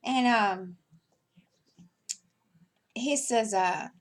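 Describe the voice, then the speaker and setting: Slow, rambling woman vlogging while crafting. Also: a little high. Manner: rambling, hesitant, many fillers and restarts; chuckles between thoughts. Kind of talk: casual chat while crafting.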